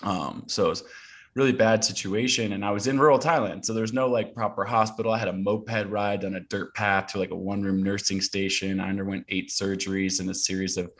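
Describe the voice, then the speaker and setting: A man in his thirties from Portland, Oregon, a guest telling a personal story in a casual interview, earnest and animated, with many fillers and restarts. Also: low-pitched.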